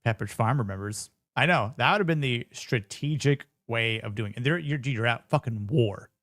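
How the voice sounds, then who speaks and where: Dude reacting to a tv episode, swears a lot, jokey, dry close sound. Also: male voice, mid-range voice, normal speed, a bit bright, no room sound. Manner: blunt, profane and joking. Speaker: show reviewer. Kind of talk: casual reaction commentary.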